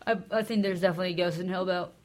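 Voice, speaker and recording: A woman's voice: on the low side, fairly even intonation, very fast, a little mellow. A young woman co-hosting a podcast in casual chat, talking in a dry, matter-of-fact way and often mumbling. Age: young adult. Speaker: podcast co-host.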